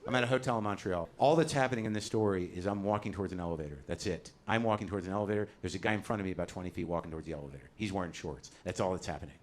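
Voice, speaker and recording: On a comedy club stage in front of an audience, a middle-aged stand-up comedian rants and swears with self-deprecating bite. His deep voice comes rapid-fire, with few pauses.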